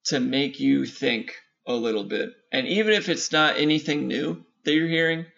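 A San Diego-area man co-hosts a casual podcast chat in a laid-back, rambling, slangy way. His voice is fairly high, steady, creaky, and fairly bright, at normal speed, and the audio is muffled and lo-fi.

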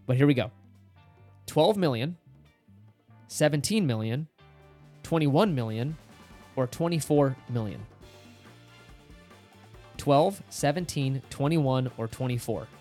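A man's voice: medium pitch, lively intonation, takes it slowly, pauses often, dark tone, faint music behind. A man co-hosting a casual podcast, explaining figures in an upbeat way and teasing as quizmaster. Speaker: podcast co-host.

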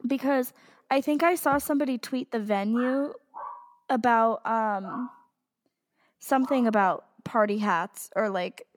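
A young woman chats as co-host of a fan podcast. Her voice sits a little high, and her talk is excitable and dramatic, with groans and swearing. The sound carries a long reverb tail. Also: a little slow. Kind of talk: casual fan podcast chat.

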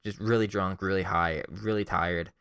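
A man's voice: low voice, fairly even intonation, moderate pace, fairly bright tone, clear, resonant tone, no echo, studio quality. A young man casually telling a self-deprecating personal story, rambling with lots of fillers.

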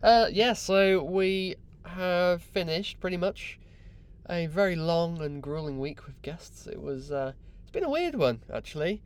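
A man's voice: high voice, unhurried, smooth. Chatty man hosting a podcast. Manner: chatty, excitable, self-mocking. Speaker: podcast host. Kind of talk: solo podcast chat. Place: crew cabin on a yacht.

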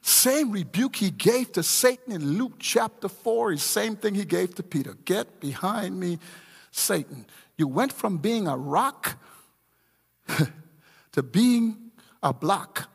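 A middle-aged man preaching a sermon as pastor, swinging from low murmurs to shouted emphasis. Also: lively intonation, slow, vocal fry, breathy edge. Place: church. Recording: long reverb of a large church hall.

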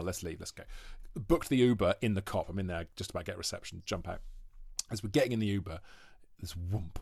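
Low-voiced man telling a football story. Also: vocal fry, no echo, clean studio sound. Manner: animated, swearing, laughing mid-story. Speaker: podcast guest. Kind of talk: casual storytelling chat.

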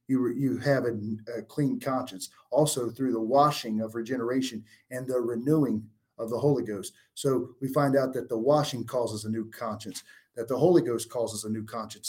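A man's voice: medium pitch, a little mellow. A man answering questions on a religious show, reading old-style scripture aloud and then explaining it earnestly. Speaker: guest bible teacher. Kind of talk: scripture teaching.

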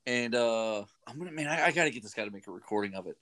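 A man's voice: medium pitch, lively intonation, very fast, fairly bright tone. A man hosting a radio show, rambling casually with many fillers. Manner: rambling, chatty, lots of fillers. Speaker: radio host. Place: radio studio.

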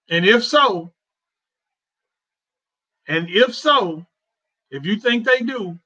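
Guy hosting a chatty talk show, kinda high bright voice, talks from the heart and repeats himself, muffled lo-fi sound. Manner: heartfelt, repetitive, conversational. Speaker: host. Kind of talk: casual talk show, personal rant. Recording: dull lo-fi sound.

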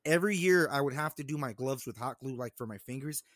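A man's voice: mid-range voice, fast, fairly bright tone, no room sound, clean studio sound. A man co-hosting a casual podcast, telling stories in a laid-back way with frequent laughs. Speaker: podcast co-host. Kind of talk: casual chat.

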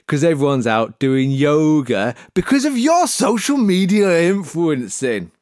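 A man's voice: medium pitch, dry recording, studio quality. A man doing a silly, rambling improvised comic monologue, hosting for a podcast agency. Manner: silly, rambling, jumps between put-on voices.

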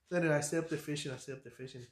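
A man, a fishing guide on a podcast, telling stories in a casual, lively way and acting out what people said. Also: on the high side, rapid-fire, echoey room. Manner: animated storyteller, acts out quotes, laughs often. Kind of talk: casual storytelling chat.

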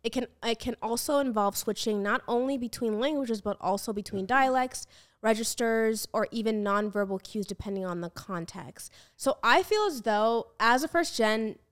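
A woman's voice: fairly high pitch, moderate pace. An American woman hosting a podcast, chatting casually with frequent fillers and restarts. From United States. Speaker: podcast host. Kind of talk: casual chat.

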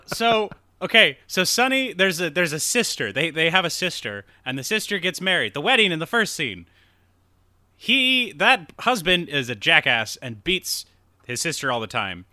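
A young man co-hosting a podcast, retelling a film in a rambling, animated way and acting out quotes. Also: on the high side, normal speed, no room sound, clean studio sound. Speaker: podcast co-host. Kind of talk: casual film recap chat.

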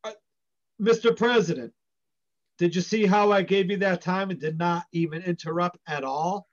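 A man's voice: sits high, normal speed, lightly acted. A man playing a stammering flustered candidate. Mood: earnest. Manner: stammering, easily rattled. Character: flustered male vice president candidate. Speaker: podcast co-host. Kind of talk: improvised comedy skit. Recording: dull lo-fi recording.

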